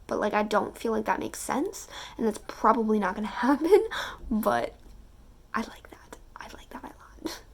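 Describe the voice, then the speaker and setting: A woman's voice: mid-range voice, very animated, moderate pace, slight background noise. An eighteen-year-old woman chatting casually in a reading vlog, reading passages aloud and gushing between them with fillers and giggles. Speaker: book vlogger.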